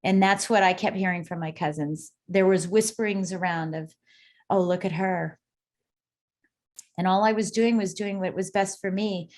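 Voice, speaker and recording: A middle-aged woman, a guest on an interview podcast, telling her story in an emphatic, animated way. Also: mid-range voice, moderate pace, few pauses. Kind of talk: casual interview conversation.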